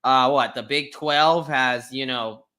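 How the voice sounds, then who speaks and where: A man co-hosting a sports betting podcast, chatting casually with a hyped-up, drawn-out delivery. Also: mid-range voice, pushed and bright. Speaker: podcast co-host.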